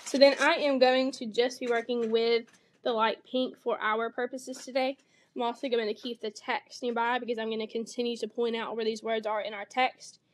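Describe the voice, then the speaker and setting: A woman's voice: a little high, flat delivery, normal speed. A woman teacher demonstrating a read-aloud lesson for young children, explaining each step and voicing the animal sounds with expression.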